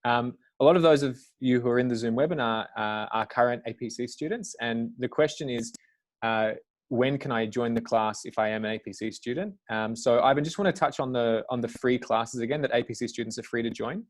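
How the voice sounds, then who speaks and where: A man hosting a live online webinar in a relaxed, halting way, with many fillers. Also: mid-range voice. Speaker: webinar host.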